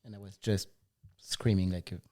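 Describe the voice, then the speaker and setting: A man's voice: deep voice, fairly even intonation, normal speed, a little mellow. A man who owns a business, a guest in a casual conversation, talking in an easygoing way.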